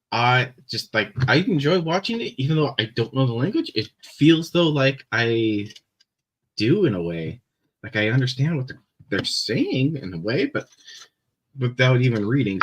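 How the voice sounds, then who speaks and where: A young Canadian man with a Canadian accent chatting casually on a live stream, rambling with many fillers and pauses. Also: medium pitch, a bit bright, rough recording.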